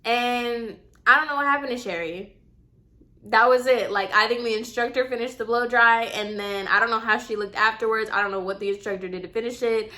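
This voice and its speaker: A young woman with a bright, high-leaning voice tells a storytime to the camera in an animated, chatty way. She calls her viewers y'all and acts out the quotes. Her delivery is casual, like talking with friends. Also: brisk. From Puerto Rican heritage. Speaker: vlogger.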